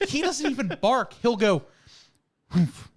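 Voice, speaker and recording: A man with a high voice, chatting casually as a podcast co-host. He tells stories with energy and mimics animal sounds as he goes. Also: moderate pace. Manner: animated storyteller, acts out his dog's noises. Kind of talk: casual chat.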